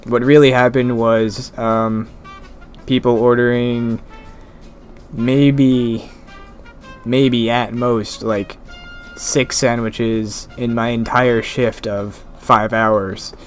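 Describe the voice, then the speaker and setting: A young man rambling in a mumbling monotone about his summer job. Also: mid-range voice, drawn-out words. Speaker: gaming vlogger. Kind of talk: rambling casual commentary over gameplay. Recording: faint music behind. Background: faint background music.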